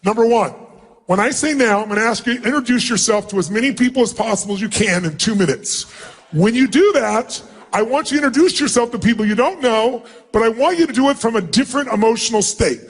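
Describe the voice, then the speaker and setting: A middle-aged man as a motivational speaker, addressing a huge live seminar crowd in an emphatic, commanding way and often shouting instructions. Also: very high voice, animated, fast, slightly rough. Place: large event hall with thousands of people.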